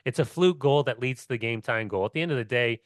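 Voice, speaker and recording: A man's voice: mid-range voice, quick pace, dry recording, clean studio sound. A middle-aged man, a former player co-hosting a soccer podcast, telling long rambling stories packed with "like" and swearing. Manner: rambling, storytelling, heavy on "like" and swearing. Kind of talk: casual sports chat.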